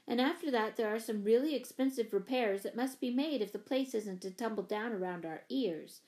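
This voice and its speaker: Woman reading as a brisk, busy mother. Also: a little high, darkish tone, lightly acted. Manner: brisk, chatty and practical. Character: middle-aged mother and librarian, brisk, practical.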